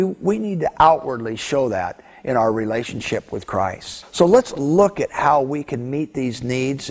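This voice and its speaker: Man, earnest seminar teacher, slightly high voice, long reverb. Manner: earnest, exhorting, quotes himself. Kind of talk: Christian marriage teaching.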